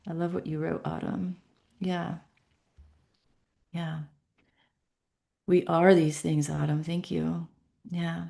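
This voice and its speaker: A woman hosting a spiritual session, talking gently and reading listener comments aloud. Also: lowish voice, level tone, slow, vocal fry, pauses often. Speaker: host of a meditation show.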